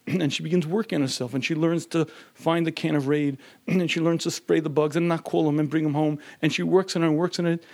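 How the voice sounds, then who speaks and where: Male teacher with a somewhat higher voice, keeps clearing his throat, lively storytelling lecture. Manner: frequent throat-clearing, acts out quoted voices. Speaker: marriage teacher. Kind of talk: lecture on marriage.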